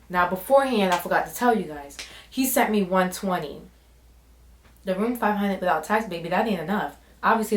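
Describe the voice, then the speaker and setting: A woman's voice: medium pitch, roomy sound, slight background noise. A young woman vlogger telling a story in casual slang, acting out what people said. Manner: animated, slangy, acts out quotes in voices. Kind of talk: storytime vlog.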